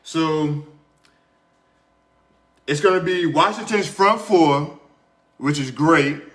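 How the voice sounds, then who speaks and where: A man's voice: a little high, takes it slowly, fairly bright tone. A young man hosting his show in a small room, telling a casual story and then going over his sports picks, chatty and repeating himself as he talks to viewers. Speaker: podcast host. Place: small room under hot studio lights.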